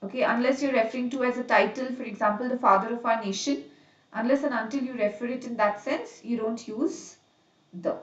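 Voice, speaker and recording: A woman teaching a live online grammar lesson. She explains each rule slowly, repeats examples and checks on students by name. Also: on the high side, fairly even intonation, roomy sound, recorded from a distance, lo-fi sound.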